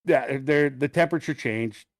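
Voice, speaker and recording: A middle-aged man, co-hosting a podcast, tells an animated, profane story in casual chat. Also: medium pitch, moderate pace, no echo, clean studio sound. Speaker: podcast co-host.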